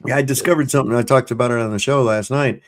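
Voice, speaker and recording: A man's voice: medium pitch, steady tone, racing. A middle-aged man hosting a live stream, chatting casually and telling loose stories full of swearing. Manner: loose, profane storytelling. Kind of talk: casual chat.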